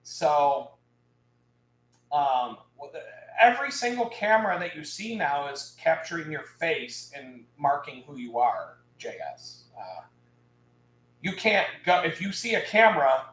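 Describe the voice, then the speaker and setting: A man on a live stream telling a story in a casual, animated rant, swearing and laughing. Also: on the high side, unhurried, echoey room, low-quality recording. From Houston area, United States.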